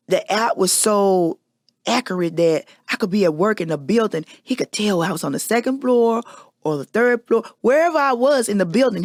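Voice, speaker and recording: Woman host, candid confessional monologue, gravelly tone, dry close recording. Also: fairly low pitch, no room sound. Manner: candid, emphatic storytelling. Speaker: podcast host.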